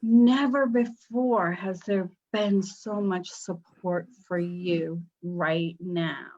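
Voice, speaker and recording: A woman's voice: fairly low pitch, fairly even intonation, very slow, darkish tone, muffled recording. A middle-aged woman hosting a live online panel, talking in an upbeat, chatty way about spiritual ideas. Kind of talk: casual panel talk.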